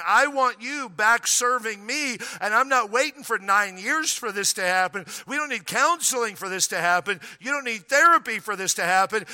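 A man's voice: high voice, bright, forceful tone, voice pushed up, exaggerated voice. A man voicing God speaking firmly and urgently to a man, in a commanding, fatherly way. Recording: long reverb of a large hall.

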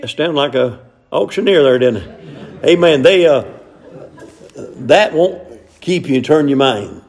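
A man's voice: mid-range voice, expressive, normal speed, husky. An older man, preaching a sermon in a folksy way with frequent amens. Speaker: pastor.

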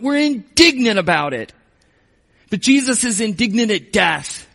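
A man preaching a sermon as pastor, moving between emphatic passages and hushed, slow reflection. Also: high voice, long reverb tail.

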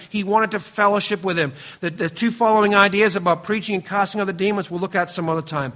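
A man preaching a sermon to his congregation, earnest and emphatic, often dropping to a quieter, lower voice and addressing listeners by name. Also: fairly even intonation, quick pace, hardly any pauses. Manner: speaks directly to the congregation, teasing members by name. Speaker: pastor.

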